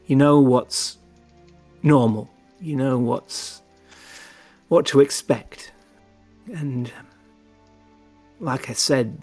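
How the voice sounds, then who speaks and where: A man's voice: medium pitch, darkish tone, breathy edge. A man voicing a weary, curt male dwarf messenger in a tabletop game, speaking in a guarded, tired way.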